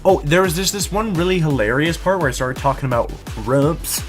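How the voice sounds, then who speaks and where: A man's voice: a little high, expressive, brisk, faint music behind. A young man hosting a gaming channel, giving a goofy, rambling casual recap of his playthrough. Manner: goofy, rambling, jumps between whispers and squeals. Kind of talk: casual video game recap.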